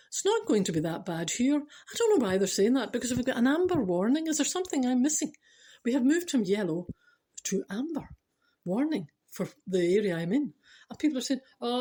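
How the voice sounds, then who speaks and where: Scottish woman, spiritual vlogger, emphatic, self-mocking humour, mellow husky voice. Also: medium pitch. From Scotland. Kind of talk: chatty spiritual talk to camera.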